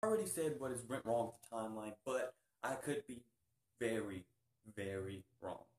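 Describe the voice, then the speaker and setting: A man hosting a casual TV review vlog, talking excitably and peppering his speech with "freaking.". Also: fairly low pitch, moderate pace. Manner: excitable, keeps saying "freaking". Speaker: YouTube reviewer. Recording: roomy echo.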